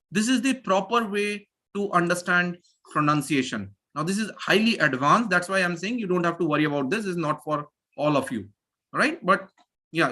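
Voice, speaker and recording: Lively teacher on a video call. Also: male voice, high-pitched. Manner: energetic, repeats phrases to drill students. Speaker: English pronunciation teacher. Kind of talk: live online class teaching.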